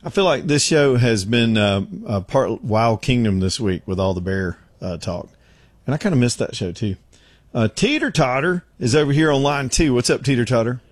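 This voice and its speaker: A man's voice: mid-range voice, moderate pace, dry recording. A man hosting a radio talk show, chatting casually with callers in a rambling, laid-back way. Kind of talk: casual chat. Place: radio studio.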